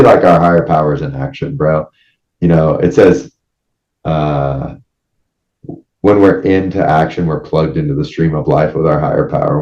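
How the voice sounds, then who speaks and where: Deep mellow man in an echoey room. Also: muffled recording. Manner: earnest, preachy. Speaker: podcast guest. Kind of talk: casual chat.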